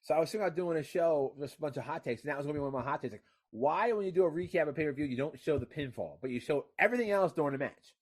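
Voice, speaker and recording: A man co-hosting a casual wrestling chat, swearing freely, whose voice climbs high and loud when he gets worked up. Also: animated, racing, few pauses. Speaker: podcast co-host.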